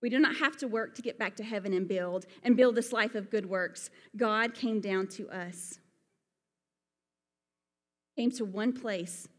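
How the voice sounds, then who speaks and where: With long hall reverb in the background, an Alabama woman with a Southern accent delivers an earnest, conversational sermon sprinkled with folksy asides. She speaks a little slowly at a medium pitch.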